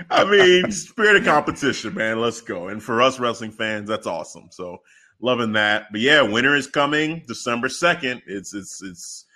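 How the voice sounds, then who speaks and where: A man co-hosting a podcast, telling stories in a loose, slangy, animated way. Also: mid-range voice, normal speed. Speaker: podcast co-host. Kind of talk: casual chat.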